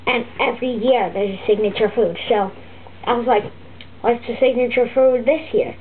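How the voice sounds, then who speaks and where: A woman voicing a fussy, griping turtle puppet teacher, rambling and halting with many restarts. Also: a little high, close to an everyday voice. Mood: grumbling. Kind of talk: comic puppet vlog monologue. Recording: tinny lo-fi phone-like audio with faint hiss.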